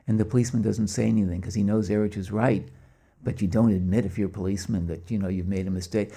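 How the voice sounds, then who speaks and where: Mellow low-voiced male storyteller. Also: fast talker, gravelly, husky. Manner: lively storyteller voicing quoted dialogue; chuckles between anecdotes. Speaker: speaker at a spiritual gathering. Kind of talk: anecdotal storytelling talk.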